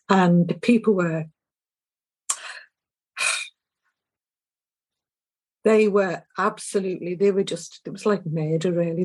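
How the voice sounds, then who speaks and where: An older woman with a Liverpool accent, an activist speaking with passion in an interview, halting and restarting often. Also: fairly low pitch, darkish tone. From England. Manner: impassioned, halting, with frequent restarts. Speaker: activist guest. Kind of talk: emotional interview testimony.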